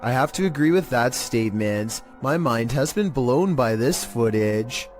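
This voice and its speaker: A man in a monotone, measured delivery, giving scripted narration as a horror countdown narrator. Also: medium pitch, soft background music.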